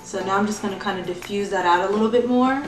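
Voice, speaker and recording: A woman's voice: medium pitch, fast talker. A woman beauty vlogger talking through a casual makeup tutorial in a chatty, sing-song tutorial voice. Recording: echoey room, distant mic, music behind.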